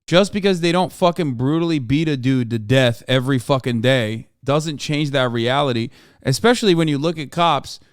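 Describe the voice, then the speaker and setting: A man's voice: mid-range voice, normal speed, smooth, no echo, studio quality. A man streaming a reaction, ranting angrily and emphatically with heavy profanity. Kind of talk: heated livestream reaction commentary.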